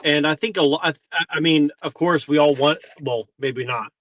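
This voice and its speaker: A man's voice: a little high, normal speed, fairly bright tone, no room sound, dull audio. A man talking in a hesitant, thoughtful way in casual podcast chat, often restarting his sentences.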